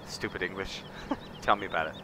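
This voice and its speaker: A man's voice: sits low, fairly quick. A man streaming a farming game, muttering wry casual commentary to himself as he plays. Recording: noisy background.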